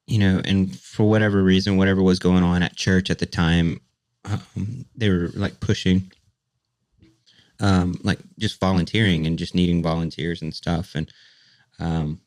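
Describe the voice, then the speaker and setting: Slow deep-voiced man, flat delivery. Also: no room sound. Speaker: podcast co-host. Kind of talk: casual conversation.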